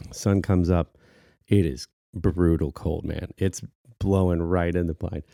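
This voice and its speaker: A man in his thirties, a podcast co-host telling a story in casual chat, animated and laughing often. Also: low voice, slow, gravelly, no room sound, studio quality.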